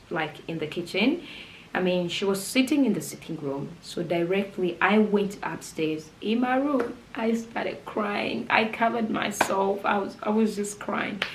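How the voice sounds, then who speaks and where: A young woman recounts a personal story for her vlog in a lively, animated way, often breaking into laughter. Her voice sits at a middling pitch. It bounces around a roomy space, with faint noise underneath. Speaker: vlogger.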